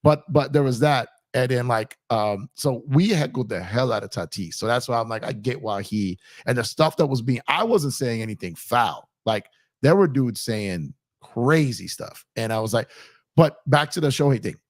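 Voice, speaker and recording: A man's voice: medium pitch, expressive, moderate pace, dry recording, clean studio sound. A man hosting a casual post-game chat, rambling and laughing, his voice worn and strained from screaming. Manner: rambling, laughs often, many restarts. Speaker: YouTube channel host.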